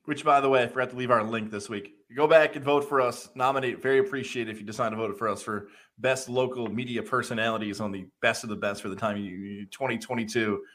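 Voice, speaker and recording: A man co-hosting a sports podcast, chatting quickly about bets and giving shout-outs. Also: mid-range voice, steady tone. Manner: quick, chatty, asks for listener votes. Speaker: podcast co-host. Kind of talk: casual sports chat.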